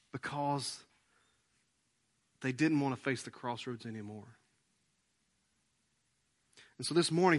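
A middle-aged male pastor with a medium-pitched voice preaches a sermon, swinging from loud appeals to hushed lines. He acts out quoted prayers and asides along the way.

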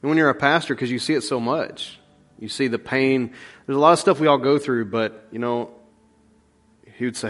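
A man's voice: mid-range voice, steady tone, normal speed, pauses often, a bit bright, soft background music. A man giving a rambling, folksy sermon full of stories and fillers. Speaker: pastor. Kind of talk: conversational sermon.

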